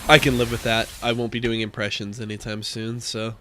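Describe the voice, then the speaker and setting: Male co-caster, lower voice, playful banter, faint background noise. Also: flat delivery, a little fast, a bit bright. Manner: bantering, teasing, asks questions. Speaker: esports co-caster. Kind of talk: live game commentary.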